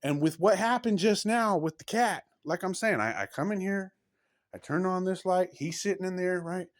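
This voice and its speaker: A man's voice: high voice, moderate pace. A man vlogging at home, telling odd stories in a rambling, self-interrupting way with emphatic bursts and mild cursing. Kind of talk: casual rambling storytelling to camera.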